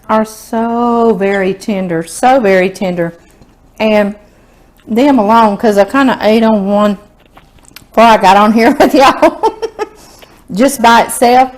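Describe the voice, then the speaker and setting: A woman's voice: a little high, slow pace, long pauses. A woman with a Southern US accent, hosting a home cooking video in a chatty, folksy way and savoring the food aloud. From Louisiana, US Southern. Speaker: cooking show host.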